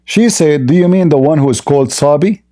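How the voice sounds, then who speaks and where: Scornful man with a dark, mellow voice. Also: fairly high pitch, brisk. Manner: mocking, scornful, repeats rhetorical questions. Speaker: religious debate host. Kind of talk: combative religious debate monologue.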